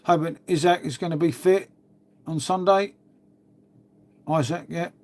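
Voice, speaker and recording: A man's voice: a little high, fairly even intonation, a little slow, darkish tone. A man, a livestream host rambling casually and answering his viewers, calling everyone mate. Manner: rambling and chatty, calls people mate.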